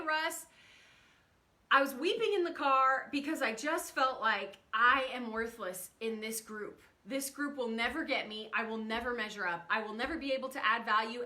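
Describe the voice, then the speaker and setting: A woman in her thirties talks to her livestream viewers from a room at home, stopping to greet them by name. Her voice sits high and sounds bright and forward, and her talk is open and emotional. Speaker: livestream host. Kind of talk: casual livestream chat.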